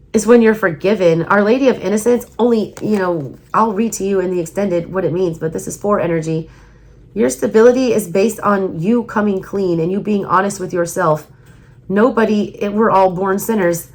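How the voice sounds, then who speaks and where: A woman with a Southern US accent giving a casual tarot reading, emphatic and repeating her points, her voice going hoarse. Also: mid-range voice. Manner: emphatic, repeats herself, urging viewers. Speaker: tarot reader.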